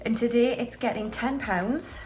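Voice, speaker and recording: This budgeting YouTuber has a slightly high, somewhat mellow voice and talks at a normal speed while faint music plays. She casually counts cash aloud into budget envelopes, breezy and full of offhand asides, sounding a bit ill as she clears her throat.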